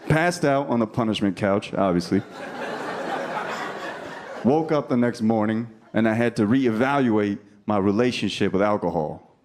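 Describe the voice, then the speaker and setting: A man's voice: on the low side, normal speed. Brash, profane stand-up comedian man. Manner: brash, profane crowd work with lively delivery. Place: comedy club stage before a laughing audience. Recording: live club sound with audience noise. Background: audience laughter.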